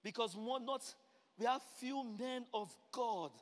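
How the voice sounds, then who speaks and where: A man preaching a sermon, building from quiet explanation to shouted, repeated refrains. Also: measured pace. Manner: builds from low talk to shouted climaxes, repeats phrases. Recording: long hall reverb.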